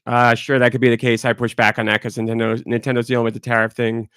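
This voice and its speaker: A man's voice: mid-range voice, monotone, quick pace, a bit bright, clean tone, dry recording, studio quality. A man hosting a podcast alone, congested and talking in a rambling, candid way. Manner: rambling, candid, talks through it. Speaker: podcast host. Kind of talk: casual solo podcast talk.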